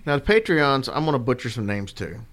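A man's voice: mid-range voice, big pitch swings, a little fast, fairly bright tone. A man co-hosting a podcast, chatting in a loose, rambling way about supporting the show. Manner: rambling and easygoing, with fillers. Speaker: podcast co-host. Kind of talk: casual chat.

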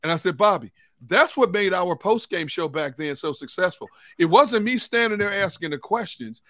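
A man's voice: sits high, animated, moderate pace, sharp tone, no echo, studio quality. A man hosting a sports talk show, telling locker-room stories and laughing through them. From United States. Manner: storytelling, laughing through anecdotes.

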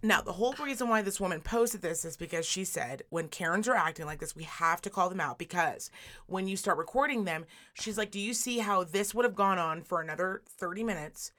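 A woman co-hosts a casual podcast chat with a somewhat low voice. She tells stories in a profane, animated way, acting out the people she quotes. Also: brisk. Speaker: podcast co-host.

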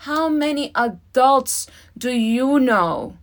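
A middle-aged woman hosting a podcast, talking casually, emotional and emphatic, swearing freely and swinging between loud bursts and soft asides. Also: sits high, lively intonation, slow. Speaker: podcast host.

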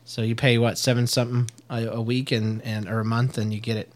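A woman co-hosting a casual show with her child, chatty and halting, with frequent fillers, restarts and laughs. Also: rumbling low, level tone, darkish tone. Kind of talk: casual chat reviewing a cartoon.

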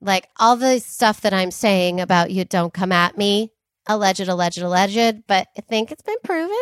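Woman podcast co-host, mid pitch, emphatic storyteller, dry close sound. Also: normal speed, dry recording. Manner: emphatic, animated, laughs readily. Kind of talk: casual chat, storytelling.

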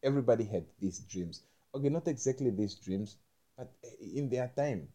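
Rambling man with a mellow voice. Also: medium pitch, expressive. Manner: halting, repeats words, swears often. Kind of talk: rambling spoken monologue.

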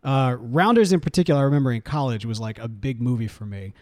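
A man in his thirties co-hosting a podcast in casual chat, animated and chatty and laughing often. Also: mid-range voice, quick pace. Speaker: podcast co-host.

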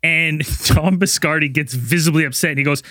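A man's voice: fairly high pitch, fairly quick, dry recording, clean studio sound. A man co-hosting a podcast, animatedly retelling a story in casual chat. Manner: animated, recounting with laughs. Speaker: podcast co-host.

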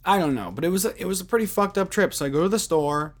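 A man's voice: sits high, expressive, fast. A man hosting a podcast, telling a rambling story in casual talk, with heavy swearing and many fillers like "like" and "um". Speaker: podcast host.

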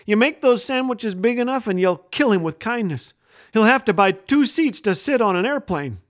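A man's voice: high voice, animated, normal speed. A man voicing a confident, teasing big brother in a children's story. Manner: easygoing, teasing. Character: confident, joking big brother, teenage boy.

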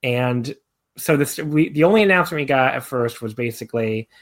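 A man's voice: mid-range voice, expressive, brisk. Rambling man chatting casually. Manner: rambling, many fillers and restarts. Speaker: podcast co-host. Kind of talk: casual chat.

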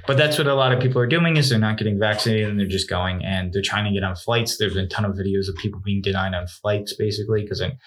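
A man's voice: lowish voice, fairly even intonation, quick pace, hardly any pauses, a bit bright. A young man co-hosting a podcast, chatting casually and rambling with lots of "like" and restarts. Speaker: podcast co-host. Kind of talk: casual chat.

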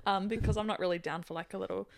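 A woman's voice: medium pitch, steady tone, rapid-fire, gravelly, no echo. A New Zealand woman in her thirties, co-hosting a podcast with dry, self-deprecating humour and sometimes trailing down to a mumble. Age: 30s. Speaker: podcast co-host. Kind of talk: casual chat.

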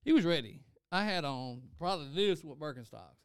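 A man's voice: on the high side, lively intonation, fairly quick, clear, resonant tone, no room sound, studio quality. A young man telling a story in a casual chat, acting out quotes and swearing freely.

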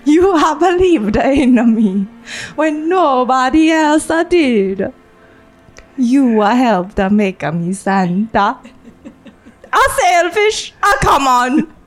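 A woman's voice: high-pitched, sing-song, very slow, soft background music, exaggerated voice. A woman voicing Santa with a put-on Swedish accent, playing it giggly and overdone. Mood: goofy.

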